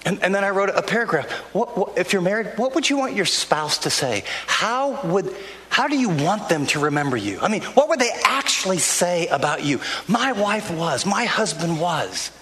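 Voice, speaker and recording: A man's voice: high-pitched, big pitch swings, fairly quick, a bit bright. An older man, a pastor, preaching a sermon in a church in an earnest, conversational way, often restarting his sentences. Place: church sanctuary. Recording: long hall reverb, faint ambience.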